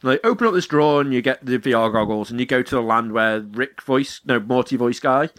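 A man's voice: mid-range voice, quick pace, a bit bright, no echo. A man chatting casually, rambling through stories and acting out voices, swearing freely. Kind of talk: casual chat.

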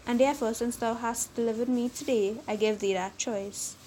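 Fierce male genie spirit, read by a woman, vengeful, stern archaic speech, storybook, highish pitch. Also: steady tone, normal speed, mellow, a little hiss or hum, natural voice.

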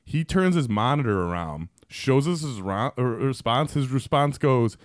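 On a podcast, a man of medium pitch spins drawn-out workplace anecdotes full of swearing and filler words, speaking at a moderate pace in an animated way. It's casual storytelling captured in clean studio audio without echo.

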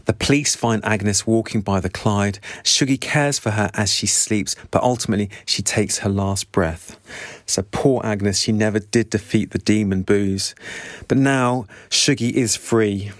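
Man, low voice, earnest book summary, dry close sound. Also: steady tone, moderate pace, dry recording. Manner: earnest, sympathetic asides. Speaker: book reviewer.

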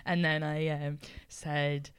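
An Irish woman with a fairly low voice chats casually as a podcast host. She is lively, laughs easily and swears without restraint. The sound is close and dry. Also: takes it slowly, smooth, dry recording. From Ireland. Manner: animated, laughing and swearing freely. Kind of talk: casual chat.

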